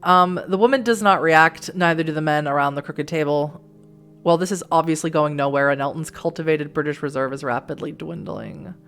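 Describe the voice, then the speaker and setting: A chatty woman from Massachusetts reads a text game aloud, breaking off for quick asides and frequent laughs. Her voice sits fairly low for a woman. Soft music plays faintly in the background. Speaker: let's play host.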